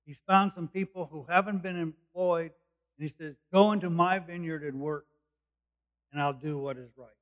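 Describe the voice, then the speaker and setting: A man's voice: a little high, fairly even intonation, moderate pace. A man preaching a sermon, explaining a passage verse by verse in plain, conversational words. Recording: dull lo-fi recording.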